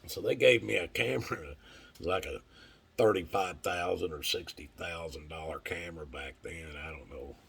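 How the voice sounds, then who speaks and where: A man with a very deep voice, heavy with gravelly fry, tells a story in a loose, rambling way. He swears freely and acts out the people he quotes. His voice is husky and rough. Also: normal speed, a bit bright. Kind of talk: casual storytelling monologue.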